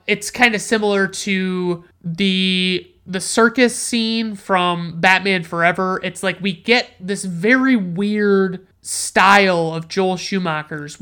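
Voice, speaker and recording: A woman hosting a movie review show, talking in an unscripted, rambling way. She swears often and leans on filler words. Her voice sits at an ordinary middle pitch. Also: a bit bright, clean tone. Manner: rambling, heavy swearing, many filler likes. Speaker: podcast host reviewing movies. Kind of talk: casual rant.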